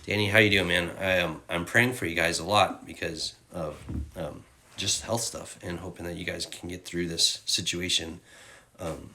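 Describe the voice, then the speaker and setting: Man, casual devotional talk: rambling, candid, bright tone, lowish pitch, tearful at times. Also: fairly even intonation, normal speed. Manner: candid and rambling, with fillers and slang. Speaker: youth ministry leader.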